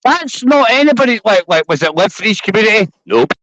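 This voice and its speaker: A man's voice: high-pitched, sing-song, a little fast, a bit bright, dry recording. A man on a livestream panel, crude, mocking and rambling, heard through slightly dull stream audio. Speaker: panel guest. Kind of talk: heated livestream panel banter.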